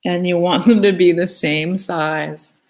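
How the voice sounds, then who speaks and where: A woman's voice: lowish voice, steady tone, a little slow, a little mellow. A woman teaching a live online drawing lesson in a chatty, playful way, talking as she draws. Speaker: art teacher. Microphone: phone.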